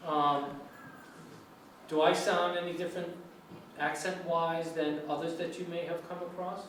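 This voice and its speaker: An American man teaching English speaks unhurriedly in a high-ish, somewhat bright voice with little pitch movement. He holds a conversational class discussion, asking students questions; the sound is echoey, distant and faintly noisy.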